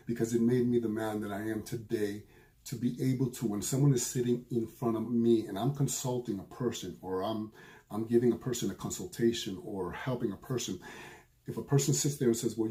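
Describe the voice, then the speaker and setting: A mellow, medium-pitched voice belongs to a middle-aged man, a spiritual medium, who tells a personal story. He speaks earnestly and with emotion, often halting and repeating his phrases.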